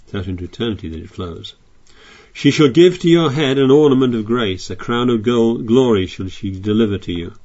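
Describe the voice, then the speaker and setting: A man's voice: mid-range voice, lively intonation, brisk, darkish tone, lo-fi sound. A man preaching a sermon, reading scripture aloud and explaining it in a chatty way with frequent restarts.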